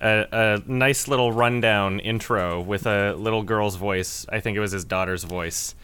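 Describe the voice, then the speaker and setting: A man's voice: lowish voice, measured pace, a bit bright, clear, resonant tone. A man co-hosting a podcast, recapping a movie in casual chat with amused sarcasm and frequent laughs. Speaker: podcast co-host.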